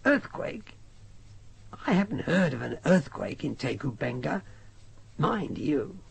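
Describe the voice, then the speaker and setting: A man voicing a young ship's doctor with a soft Scottish accent, talking fast in amazed disbelief. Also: fairly high pitch, big pitch swings, creaky, slightly rough, full character voice. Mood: sympathetic. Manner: quick, amazed, laughing disbelief. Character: young male doctor, soft-spoken and incredulous.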